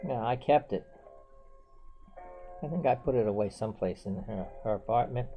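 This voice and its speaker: A man's voice: mid-range voice, normal speed. A man telling a personal story in a casual, rambling way, full of "you know" and restarts. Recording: dull lo-fi with faint music.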